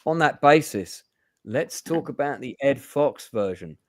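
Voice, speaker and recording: A man's voice: medium pitch, expressive, a little slow, no room sound, studio quality. A man hosting a casual film review chat, hesitant with many fillers. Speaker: host.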